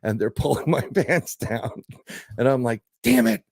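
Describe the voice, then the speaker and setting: A middle-aged man telling a story in casual podcast chat, animated and joking, with some swearing. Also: mid-range voice, measured pace, no room sound, studio quality. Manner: animated storyteller, swearing, laughing through jokes. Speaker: podcast guest.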